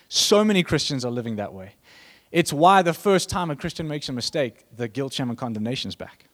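Male preacher, mid-pitched, casual rambling sermon delivery full of asides. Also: lively intonation, brisk, hardly any pauses, a bit bright. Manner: conversational, rambling with restarts and asides.

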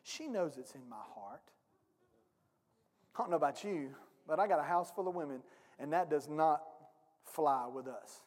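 A man's voice: a little high, animated, moderate pace, long pauses. A male pastor preaching a sermon, emphatic and speaking directly to his congregation. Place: church sanctuary. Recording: long reverb of a church hall.

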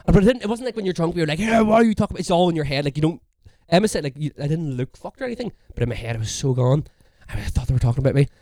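A man's voice: fairly high pitch, animated, very fast, hardly any pauses, mellow, dry recording, studio quality. A young man telling a rambling story in casual chat on a podcast, swearing freely and acting out what people said. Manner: rambling, swears a lot, acts out quotes.

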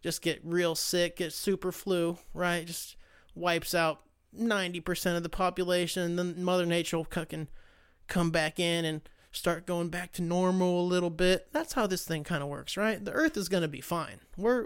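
This young man runs his own podcast and fills the casual solo chat with loose, sarcastic, swear-heavy ranting. He speaks in a high, clean-toned voice at a moderate pace, his intonation fairly even.

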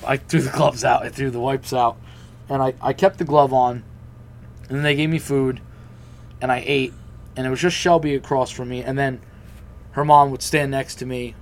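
A young man telling a personal story in casual chat, swearing freely and acting out what others said. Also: mid-range voice. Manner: profane, animated, acts out quoted voices.

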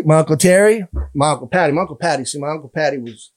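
A man spinning street stories in a loose, animated way. His pitch sits a little high for a man, and he jumps into other people's voices. He laughs and curses as he goes. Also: rapid-fire, dry recording. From Canada. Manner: animated, acts out voices, laughs often, swears. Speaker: guest musician. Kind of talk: casual storytelling interview.

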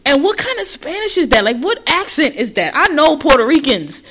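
A woman co-hosting a podcast, recapping a show in loud, laughing, profane gossip. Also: sits high, sing-song, a little fast. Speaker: podcast co-host. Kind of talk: casual recap chat.

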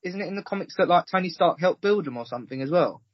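A man with a higher-than-usual voice jumps in quickly with pointed questions and teasing remarks. The recording is dry and somewhat dull, with a lo-fi feel. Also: expressive, no room sound. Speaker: podcast panelist. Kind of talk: casual film review chat. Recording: dull, slightly lo-fi dry sound.

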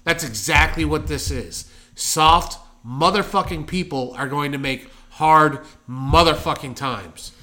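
Man, podcast co-host, casual chat, fairly high pitch, emphatic profane rant. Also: unhurried, hardly any pauses, pushed and bright.

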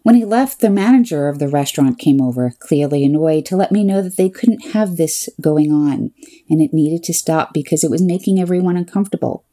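A woman with a low, mellow voice recounts a comic personal story. Her delivery is wry and deadpan, with exasperated asides. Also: a little fast.

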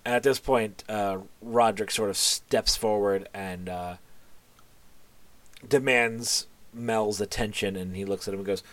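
A man's voice: fairly low pitch, fairly even intonation, unhurried, no room sound. Dry-voiced man running a tabletop game. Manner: hesitant, filler-heavy narration with sudden voiced lines. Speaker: game master.

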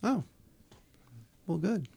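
A man in casual chat about films, animated and playful, drifting into silly voices. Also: sits high, extremely slow, vocal fry, husky.

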